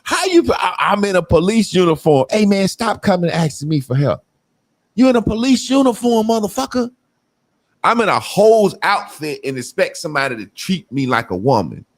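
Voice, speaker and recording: A man's voice: sits high, moderate pace, no room sound. A middle-aged man talking casually on a podcast, swearing freely and acting out the people he quotes. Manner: animated, profane storytelling with mocking quoted voices. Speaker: podcast co-host.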